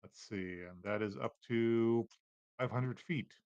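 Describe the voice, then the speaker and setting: A man narrating as game master of a tabletop game, relaxed, with many fillers. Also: mid-range voice, slow pace, no echo, muffled recording.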